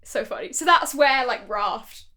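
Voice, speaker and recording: A Northern English woman with a high voice co-hosting a casual comedy podcast. She is enthusiastic, chatty and quick to laugh. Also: expressive, sharp tone. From England. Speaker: podcast co-host.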